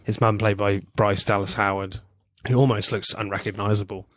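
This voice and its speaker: Low voiced guy rambling about movies, laughs a lot, dry close mic. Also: flat delivery, brisk, fairly bright tone, no echo. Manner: chatty, laughs often, swears casually. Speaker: podcast co-host. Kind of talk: casual film review chat.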